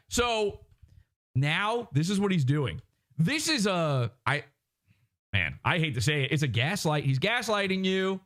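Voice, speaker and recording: A man hosting a podcast livestream, sitting a little high in pitch for a man. He rants with wide swings up and down, mocking as he goes. He keeps dropping into quick impressions. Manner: animated, mocking, slips into impressions. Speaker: podcast host. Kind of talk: ranting livestream commentary.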